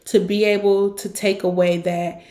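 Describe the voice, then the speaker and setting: A woman's voice: medium pitch, little pitch movement, moderate pace, warm tone. Woman podcast host giving pep-talk career advice, direct and upbeat, echoey room. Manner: direct, encouraging, acts out examples. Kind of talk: coaching monologue. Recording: roomy echo.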